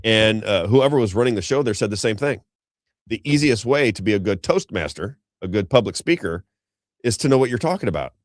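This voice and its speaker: A man's voice: lowish voice, animated, brisk, no room sound, clean studio sound. A middle-aged man hosting an unscripted political commentary show, talking in a rambling, emphatic way that repeats points and keeps turning to his co-host. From Missouri, USA.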